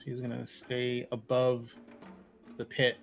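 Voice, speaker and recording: A man's voice: medium pitch, monotone, slow, vocal fry, soft background music. A man playing a tabletop game, describing his character's actions hesitantly while he thinks aloud. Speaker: player. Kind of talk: tabletop role-play.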